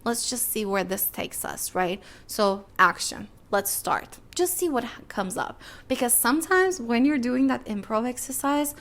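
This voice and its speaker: Chatty woman with a gravelly edge. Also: fairly high pitch, measured pace. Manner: chatty, animated, acts out little quoted exchanges. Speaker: podcast host and filmmaker. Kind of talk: casual advice podcast talk.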